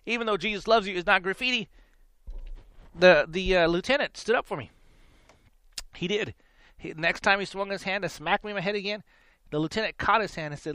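A man's voice: sits high, a little fast, pauses often, pushed and bright, clean tone, dry recording, studio quality. A man in his forties hosting a faith talk show, telling a story in a rambling, repeating way and laughing between lines. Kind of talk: casual storytelling monologue.

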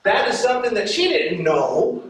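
Lively preacher guy telling stories, laughs a lot, big echoey church sound. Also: sits high, normal speed. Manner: lively, laughing often, acting out voices. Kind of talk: storytelling sermon. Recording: echoey hall, mic far off.

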